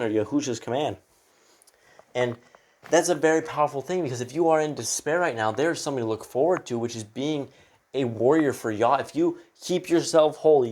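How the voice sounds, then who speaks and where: A man's voice: mid-range voice, darkish tone. Male preacher, mid-range voice, casual earnest scripture commentary, exhorting listeners. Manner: reads verses aloud then explains them, often adding "right?". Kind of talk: informal scripture reading and sermon.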